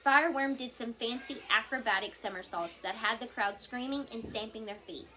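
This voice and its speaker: Bright-voiced woman reading a storybook aloud. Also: a little high, normal speed. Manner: expressive storytelling. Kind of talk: reading a children's novel aloud.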